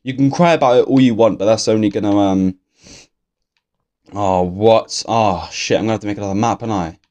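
A man's voice: on the low side, a little fast, a little mellow. A young man, talking through a game in a casual, swear-filled, grumbling ramble. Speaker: gaming YouTuber. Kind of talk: casual let's-play commentary.

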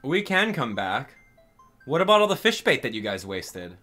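A man's voice: mid-range voice, very animated, normal speed, bright, forceful tone, faint music behind. A young man hosting gameplay commentary, venting his frustration to his viewers. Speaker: gaming channel host.

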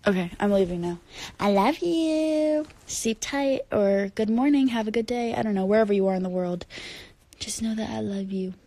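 A woman's voice: medium pitch, fairly quick, warm tone, no echo. A tired woman chatting casually on a late-night livestream from home, reading fans' comments, rambling and giggly and sometimes dropping into whispers. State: tired from no sleep. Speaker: singer livestreaming to fans. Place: at home at bedtime, indoors. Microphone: phone camera held close.

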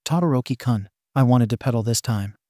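A man's voice: medium pitch, fairly quick, mellow, dry recording, studio quality, lightly acted. A man voicing an earnest, flustered teenage boy student who stammers a little, in a fan-fiction audio reading.

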